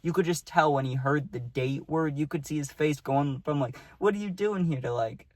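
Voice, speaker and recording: A man's voice: mid-range voice, fairly even intonation, moderate pace, no room sound. A young man casually telling a rambling personal story, peppering it with "dude" and "right?".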